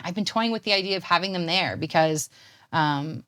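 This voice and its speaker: A woman's voice: on the low side, moderate pace, fairly bright tone. A woman in her thirties from Canada, a poet and guest chatting casually in an interview, rambling with lots of fillers.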